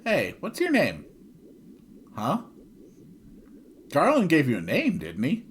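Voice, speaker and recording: A man voicing an earnest young male hero who speaks in a soft, reassuring way while reading video game dialogue. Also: a little high, wildly swooping pitch, takes it slowly, slight background noise, full character voice. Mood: gentle.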